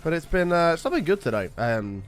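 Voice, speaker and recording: Lively chatty man streaming games. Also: a little high, brisk, clean tone, faint music behind. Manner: chatty, greets viewers by name, excitable bursts. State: slightly rough voice. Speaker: live streamer. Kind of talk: casual gaming stream chat.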